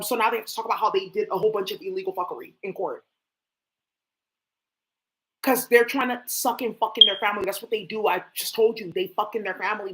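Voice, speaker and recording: Blunt, profane woman ranting casually. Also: mid-range voice. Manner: blunt, profane, animated, talks to herself. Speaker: tarot livestream host.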